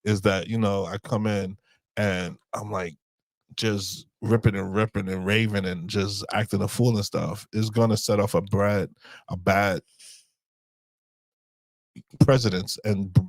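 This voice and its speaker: A man's voice: fairly low pitch, fairly even intonation, a little slow, no room sound. A man co-hosting a married couple's podcast, talking casually and rambling as he searches for words. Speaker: podcast co-host. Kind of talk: casual chat.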